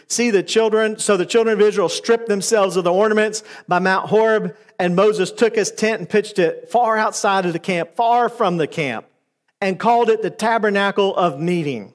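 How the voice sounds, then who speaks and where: A man with a high, light voice preaching a sermon. He retells scripture casually, stumbling over words and adding "uh" as he goes, then slipping into quick voices for the people in the story. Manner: retells scripture conversationally with fillers and acted quotes.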